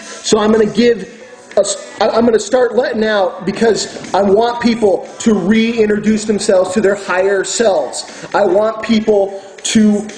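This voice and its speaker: A man's voice: high voice, a little mellow, low-quality recording. A man delivering a furious, profane ranting monologue as host of his own video channel, preaching to his viewers.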